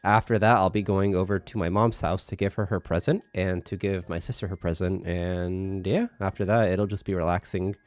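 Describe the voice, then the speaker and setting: A young man streaming casual chat, his nose congested, laughing often and slipping into halting Japanese. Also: deep voice, steady tone, no room sound.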